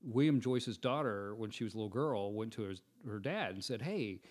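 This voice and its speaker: A man telling a personal anecdote in a relaxed way on a casual podcast. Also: on the low side, moderate pace. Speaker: podcast co-host. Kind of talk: casual storytelling.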